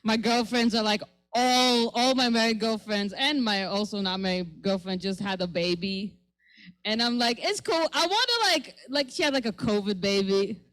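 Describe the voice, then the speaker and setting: A woman's voice: mid-range voice, normal speed, fairly bright tone, rough recording. A young woman from Israel, doing a brash, profane stand-up set on a comedy lounge stage. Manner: brash, profane, acts out voices.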